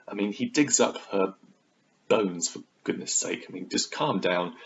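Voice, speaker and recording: Brief: lower-voiced man, theatrical book vlogger, muffled lo-fi recording. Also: normal speed. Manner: chatty and theatrical, slipping into exaggerated quoted voices. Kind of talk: casual book review vlog. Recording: dull lo-fi recording.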